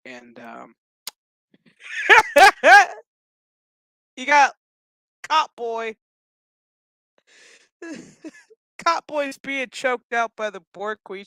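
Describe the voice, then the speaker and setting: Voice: sits high, very slow, long pauses, dry recording. A speaker casually recapping a show episode, swearing freely in slang. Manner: profane, slangy, animated storytelling.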